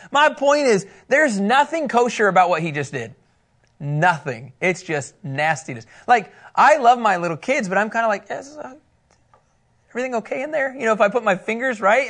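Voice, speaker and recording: A man teaching scripture to a live group in a casual, playful way, with quick asides and frequent laughter. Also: sits high, fairly bright tone. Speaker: pastor teaching a Bible study.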